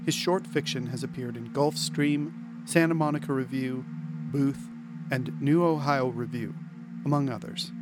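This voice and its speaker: A man reading a brisk, clear outro announcement for a story program. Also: mid-range voice. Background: music bed.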